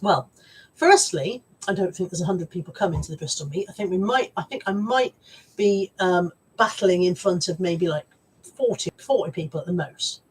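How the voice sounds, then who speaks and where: A woman with a lowish, breathy-edged voice talks expressively at a moderate pace. As a livestream host, she jokes with and teases viewers amid lots of laughter; a camera mic records her from a slight distance.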